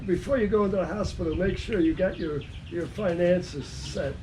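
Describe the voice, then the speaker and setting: A man's voice: sits high, normal speed. Older Chicago man, dry plainspoken humor. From Chicago, USA. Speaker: interviewee. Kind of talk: casual interview. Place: outdoors in the tropics. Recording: outdoor noise with roosters and birds. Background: birds and roosters.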